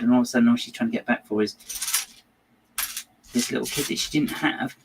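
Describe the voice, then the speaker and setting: A man's voice: medium pitch, steady tone, brisk, creaky, long pauses, slight background noise, poor audio. A man chatting casually while he builds, giving rambling, hesitant and wry opinions as the host.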